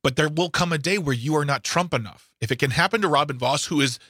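A man co-hosting a radio talk show, animated and sarcastic, often stumbling and restarting his sentences. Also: on the high side, fast, breathy edge, no echo, studio quality. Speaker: radio co-host.

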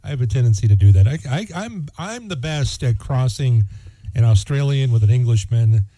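Man, radio morning host, very dark voice, dry close sound, joking, rambling with fillers. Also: medium pitch, lively intonation, normal speed, no room sound. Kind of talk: casual morning radio chat.

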